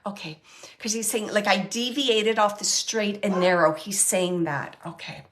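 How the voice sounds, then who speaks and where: A woman hosting a live mediumship reading, who speaks tentatively with many fillers and restarts and often sinks to a soft murmur. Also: medium pitch, fairly even intonation, a little slow. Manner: often drops to a soft, near-whispered murmur. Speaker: psychic medium host.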